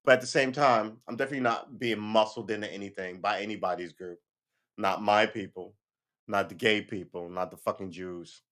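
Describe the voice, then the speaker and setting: A man talking in a casual opinion monologue as host of a livestream, animated, often stumbling and restarting his words and acting out what other people say. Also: on the low side, brisk. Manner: animated, acts out voices of others.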